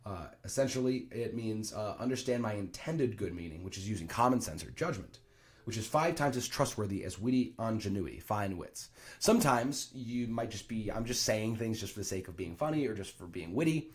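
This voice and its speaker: A man's voice: on the low side, expressive, a little fast. A man teaching a class on a play, talking casually and thinking aloud with asides and fillers. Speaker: teacher explaining Shakespeare. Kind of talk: casual explanatory lesson.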